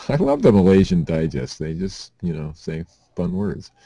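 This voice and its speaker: A man's voice: deep voice, gravelly, mellow, slightly rough, dry recording. A man hosting a comedy podcast, reading odd news items aloud with joking asides and occasional stumbles.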